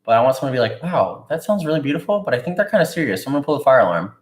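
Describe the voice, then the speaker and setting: A man's voice: mid-range voice, very animated, racing. A young man co-hosting a podcast, chatting casually with playful, jokey banter. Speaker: podcast co-host. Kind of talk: casual chat. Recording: echoey room.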